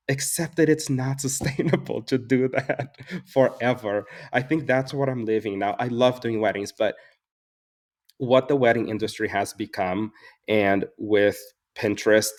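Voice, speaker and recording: Man in his 40s, fairly low voice, earnest, reflective, casual interview storytelling. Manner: earnest and reflective, acts out dialogue, laughs often. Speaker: podcast guest, flower farmer and floral designer.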